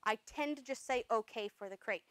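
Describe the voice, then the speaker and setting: A woman dog trainer explaining commands step by step, breaking off to give sharp corrective noises and praise. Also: fairly high pitch, brisk, no echo, low-quality recording. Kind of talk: instructional demonstration.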